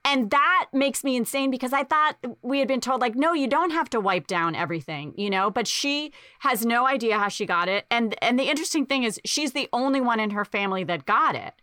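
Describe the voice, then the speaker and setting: A woman's voice: fairly high pitch, animated, fairly quick, hardly any pauses, sharp tone, dry recording, studio quality. A woman hosting a casual conversation, chatty and full of fillers.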